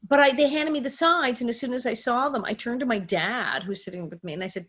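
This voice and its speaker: A middle-aged woman, a former child actress, casually telling lively anecdotes in an interview and acting out the quotes. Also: a little high, fast talker, hardly any pauses, slightly rough. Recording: dull lo-fi audio.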